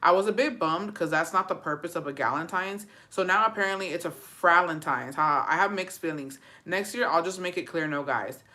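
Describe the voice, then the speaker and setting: Woman on a stream chatting loose and cussing a lot, bright sharp voice. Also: fairly low pitch, a little fast, hardly any pauses. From Texas. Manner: profane, animated, mixes English and Spanish. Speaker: livestream host. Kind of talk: casual chat reacting to viewer stories.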